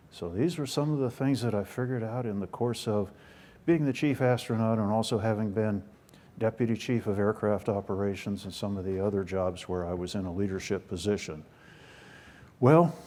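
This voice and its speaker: A man's voice: on the low side, dark tone. Older american guy giving a talk, folksy jokes at his own expense. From United States. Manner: folksy, self-deprecating humor. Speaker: guest speaker. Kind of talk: storytelling talk.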